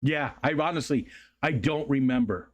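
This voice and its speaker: A man talking casually on a livestream from his house. He rambles in an easygoing way, leans on fillers, and sits at a middle pitch. It sounds like relaxed, unscripted chat with his viewers. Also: moderate pace, highs cut off. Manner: rises to a high sing-song baby voice when talking to his dog. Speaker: livestream host. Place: home room.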